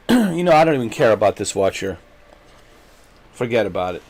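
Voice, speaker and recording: This gaming streamer's medium-pitched, slightly mellow voice swings hugely in pitch at normal speed, with slight background noise. Frustrated by the game, he keeps repeating himself and swears, then says sorry to his viewers.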